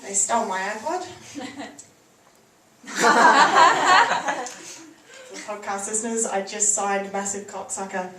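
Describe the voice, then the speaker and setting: A woman's voice: medium pitch, slow, long pauses. A woman performing a stand-up comedy set on a theatre stage, chatty and giggling through her lines. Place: theatre stage before a live audience. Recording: echoey, distant live recording with noise.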